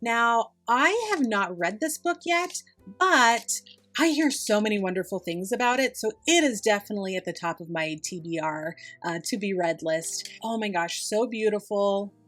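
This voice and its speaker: A woman's voice: medium pitch, animated, moderate pace, fairly bright tone, faint music behind. A young woman hosting a casual yarn unboxing review, gushing with enthusiasm and exclaiming over every item. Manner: gushing, enthusiastic, repeats "oh my gosh". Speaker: yarn channel host.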